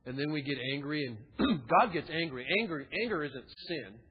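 High, husky-voiced male preacher. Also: expressive, moderate pace. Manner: conversational preaching with asides. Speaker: pastor. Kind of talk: sermon. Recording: dull recording with long hall reverb.

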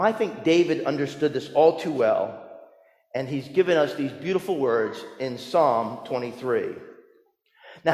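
A man preaching a sermon as pastor, telling stories with humor, rising to emphatic points and dropping soft. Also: high-pitched. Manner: storytelling with humor, emphatic rises and soft drops. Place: church sanctuary. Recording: roomy church with long reverb.

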